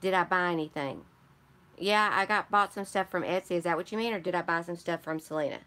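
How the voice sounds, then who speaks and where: Lowish, a little fast, and sharp in tone, this craft channel host has a Michigan accent. On her casual live stream she greets viewers, answers comments, and chats in a rambling way.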